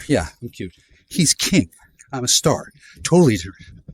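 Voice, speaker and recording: A man in his fifties vlogging outdoors, rambling in a profane, sardonic way with sudden jumps in pitch. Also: animated, moderate pace, husky, no room sound. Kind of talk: rambling monologue while walking. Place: outdoors in a neighborhood.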